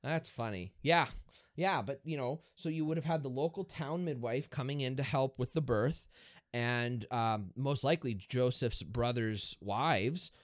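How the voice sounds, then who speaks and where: A man, a Catholic priest, talking in a casual podcast discussion, explaining things in a lively way and asking rhetorical questions. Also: medium pitch, unhurried, no echo, clean studio sound. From Erie, Pennsylvania, US.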